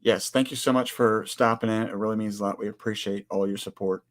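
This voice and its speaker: A man in his forties with a fairly low voice, hosting a relaxed livestream chat. He speaks earnestly, greets viewers one by one and teases his co-host now and then. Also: a little fast. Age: 40s.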